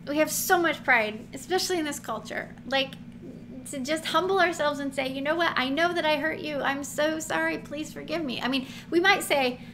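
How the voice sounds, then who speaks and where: A woman host giving a casual Bible teaching, chatty and animated, laughing often and acting out quotes. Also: sits high, normal speed. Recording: noticeable background noise.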